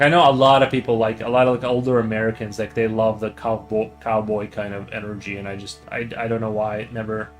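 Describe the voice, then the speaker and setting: A man's voice: medium pitch, rough recording. A young man streaming his drawing, chatting casually and rambling with many fillers and restarts. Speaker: artist streamer.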